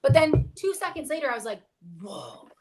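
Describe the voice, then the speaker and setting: A woman's voice: high voice, expressive, quick pace, darkish tone. A young adult woman talking candidly about her acting work as a guest on a review show, in a casual, filler-heavy way. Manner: candid and chatty, with many fillers. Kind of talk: casual chat.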